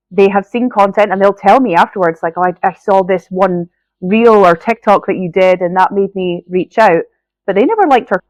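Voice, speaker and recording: A woman's voice: medium pitch, no echo, rough recording. A woman with a Scottish accent hosting a solo podcast, sounding nasal from a cold, earnest and encouraging as she talks straight to the listener. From Scotland. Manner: earnest, encouraging, addresses listener directly with frequent "right?". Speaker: podcast host.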